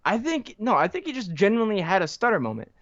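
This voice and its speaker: A man's voice: high voice, huge pitch swings, fast, a bit bright. A man co-hosting a podcast who keeps up dry sarcastic jokes and laughs often. His mic sounds dull and lo-fi. It is dry and close, with no room echo. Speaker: podcast co-host. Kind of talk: casual chat.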